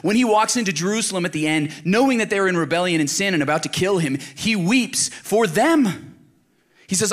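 A Colorado pastor delivers a casual, conversational sermon in a high-sitting, expressive voice at a slightly quick pace. Earnest and emphatic, he addresses his listeners directly.

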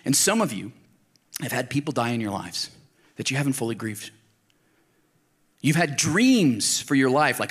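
A man's voice: medium pitch, big pitch swings, normal speed, long pauses, slightly rough. A man from Colorado giving a casual, conversational sermon as a pastor, earnest and emphatic, speaking straight to his listeners. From Colorado, United States.

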